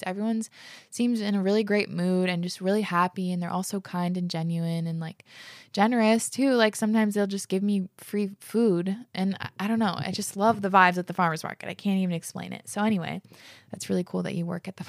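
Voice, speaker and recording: A woman's voice: mid-range voice, gravelly, no room sound, studio quality. A woman hosting a podcast, chatting casually and reading listener letters aloud, gushing and saying "like" often. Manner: gushing, fills speech with "like". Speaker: podcast host.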